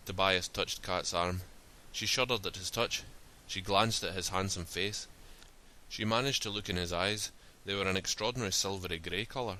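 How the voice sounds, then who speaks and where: A man narrating a story in a steady, plain reading style. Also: low voice, moderate pace, slight background noise.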